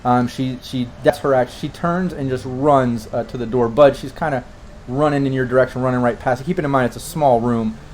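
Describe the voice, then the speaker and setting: A man's voice: mid-range voice, steady tone, brisk, darkish tone, slight background noise. Rambling male game master. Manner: loose, rambling narration with many fillers. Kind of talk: narrating a tabletop game.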